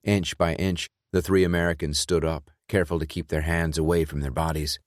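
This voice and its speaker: A man narrating an audiobook in a measured, even reading. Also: a bass voice, no room sound, studio quality. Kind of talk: scripted narration.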